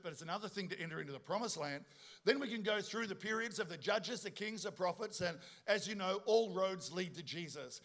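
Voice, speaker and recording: Middle-aged man, high-pitched, lively joking preacher working the room. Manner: animated, joking storyteller with asides to the congregation. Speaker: pastor. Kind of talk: sermon.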